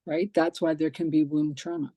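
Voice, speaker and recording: A woman hosting a casual interview podcast, telling lively stories and acting out the dialogue in them. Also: sits low, normal speed, dry recording. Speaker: podcast host.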